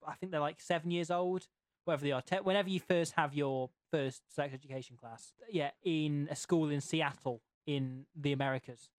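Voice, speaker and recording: A man's voice: a little high, fairly even intonation, moderate pace, no echo. A man hosting a casual podcast chat, rambling and rewording himself as he goes. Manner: rambling, keeps rewording himself mid-sentence. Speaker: podcast host.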